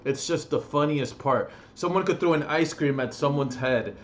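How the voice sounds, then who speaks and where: A young man ranting angrily on his vlog, profane and agitated, with sudden loud outbursts. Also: on the high side, normal speed, slight background noise. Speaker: vlogger.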